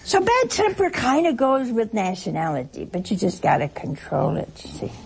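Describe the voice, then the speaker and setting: A woman's voice: a little high, lively intonation, normal speed, creaky, noisy background. A woman giving a chatty spiritual talk to listeners, full of anecdotes and chuckling asides. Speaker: religious speaker.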